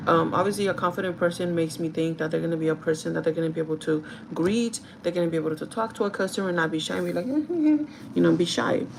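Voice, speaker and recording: A woman talks casually to her live viewers while getting ready, speaking to them directly and laughing often. Her voice sits low with a gravelly, fry-heavy edge. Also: fast, noisy background. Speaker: livestreaming vlogger and store manager. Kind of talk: casual chat while doing makeup, reading live chat.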